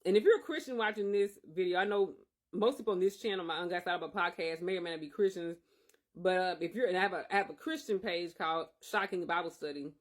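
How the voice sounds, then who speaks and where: A man's voice: high-pitched, quick pace. A man hosting a podcast, telling a personal faith testimony in an earnest, emphatic way. He often circles back and repeats his phrases. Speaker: podcast host.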